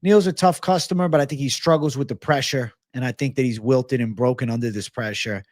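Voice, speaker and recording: A man's voice: medium pitch, a little fast, darkish tone, no echo, clean studio sound. A man hosting a livestream of fight picks and betting odds, brash and profane, thanking donors and urging likes. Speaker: MMA betting livestream host.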